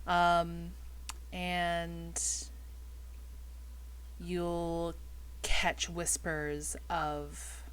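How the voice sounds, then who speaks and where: A woman runs a tabletop game in an unhurried, hesitant way, leaning on fillers as she describes the scene. Her voice sits low for a woman and moves slowly. A faint hiss runs under the recording. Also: flat delivery, fairly bright tone, poor audio. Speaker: game master.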